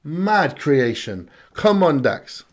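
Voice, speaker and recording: A man hosting a music reaction video, talking casually in slang with excited bursts of hype. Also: fairly high pitch, slow. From United Kingdom.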